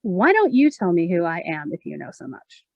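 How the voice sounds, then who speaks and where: Woman poet, measured expressive reading, creaky tone, close dry mic. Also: fairly low pitch, no room sound, lo-fi sound. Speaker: poet reading her own work. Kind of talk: poetry reading.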